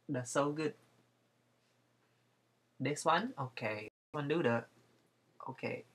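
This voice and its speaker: This drawing-stream host speaks slowly and pauses often, his voice a little high, fairly bright and slightly rough. Chatting casually, he rambles, jokes with viewers and talks himself through what he's drawing.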